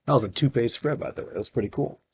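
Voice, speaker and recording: A man, a children's librarian, reading a picture book aloud to young children in a gentle manner, stopping to explain the pages. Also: mid-range voice, racing, husky.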